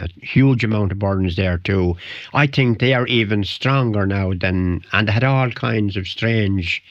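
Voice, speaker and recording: An older man with a Wicklow Irish accent, originally from Ireland, tells rambling anecdotes and chuckles while guesting on a radio interview. His voice sits on the low side. The 1990 studio recording is dry and dull.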